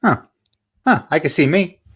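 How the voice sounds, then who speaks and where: A man's voice: a little high, animated, normal speed, fairly bright tone, husky. A man joining a live podcast over a video call, giving short laid-back replies. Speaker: podcast co-host. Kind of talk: casual video call chat.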